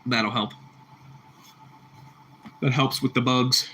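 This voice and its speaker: A man's voice: medium pitch, flat delivery, slow, bright, forceful tone, a little hiss or hum. A man hosting a casual livestream and chatting with viewers. He laughs easily, repeats himself, and calls people bro and bucko. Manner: laughs a lot. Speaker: livestream host reading chat.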